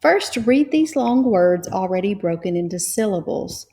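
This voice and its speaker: Slow, patient woman teaching phonics. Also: mid-range voice, animated, mellow. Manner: patient, spells out letters and syllables slowly. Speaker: reading teacher. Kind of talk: slow, clear phonics lesson.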